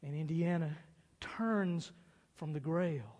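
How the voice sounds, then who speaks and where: A man preaching a sermon who retells stories with animated, dramatic build-ups. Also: sits high, moderate pace. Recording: long hall reverb.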